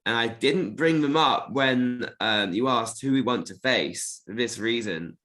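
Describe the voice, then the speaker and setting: A man's voice: mid-range voice, unhurried, bright, forceful tone. A man in a casual interview chat about his robot combat team, rambling through a story with plenty of fillers and restarts.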